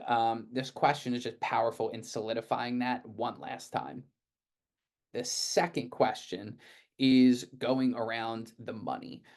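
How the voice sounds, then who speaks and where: Chatty male sales trainer, mid-pitched. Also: darkish tone. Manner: conversational, leans on frequent "right?" check-ins; acts out client replies in quick asides. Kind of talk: casual recorded training talk.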